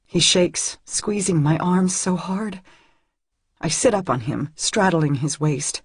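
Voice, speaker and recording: A woman's voice: on the low side, animated, slow, husky, dry recording. A woman narrating a first-person audiobook in an intimate, emotional reading on a close studio mic.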